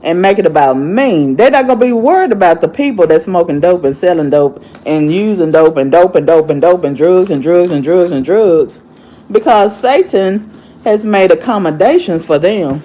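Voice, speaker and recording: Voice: medium pitch, animated, normal speed, dark tone, low-quality recording. A vlogger, tired and upset, ranting angrily in an agitated way and repeating phrases over and over. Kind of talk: angry vlog rant.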